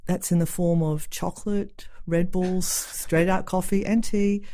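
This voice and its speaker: A woman's voice: on the low side, steady tone, measured pace, warm tone. A woman with an Australian accent, a psychiatric nurse practitioner who confidently explains treatment options as a podcast guest. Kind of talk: casual podcast interview.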